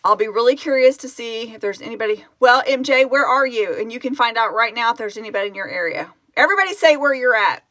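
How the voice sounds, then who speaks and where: A woman's voice: on the high side, fast talker, few pauses, fairly bright tone, no room sound. A middle-aged woman chatting casually on a live stream as founder of a fan project, emotional and tearful as she reads out where viewers are from. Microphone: phone.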